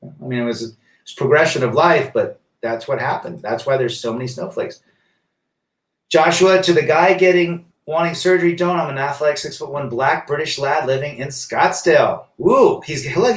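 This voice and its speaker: Here a man with a fairly high pitch runs a relaxed livestream, reading chat messages out loud and responding forcefully, frequently with rhetorical questions. He's far from the microphone in an echoey room.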